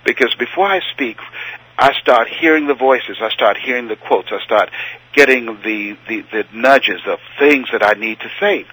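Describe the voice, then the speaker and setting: A man's voice: mid-range voice, normal speed, sharp tone, no room sound, poor audio. A male motivational speaker telling a story in conversation, acting out scenes and voices and laughing often.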